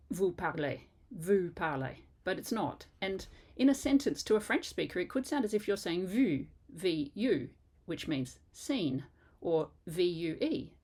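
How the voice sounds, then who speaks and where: An older woman who speaks English natively teaches French pronunciation, patiently spelling words out letter by letter. Her voice is fairly low with a darkish tone.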